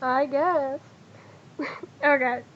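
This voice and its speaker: Halting woman game master, high voice, dull lo-fi recording. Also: fairly even intonation. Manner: hesitant, with many fillers and laughs. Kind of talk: narrating a tabletop game.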